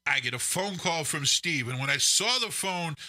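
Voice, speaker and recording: A man in his forties tells a story on a casual live stream and acts out what people said. His voice is bright and ringing. His pitch swings widely and sits a little high. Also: moderate pace. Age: 40s. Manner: animated storyteller, acts out quotes. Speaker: podcast co-host.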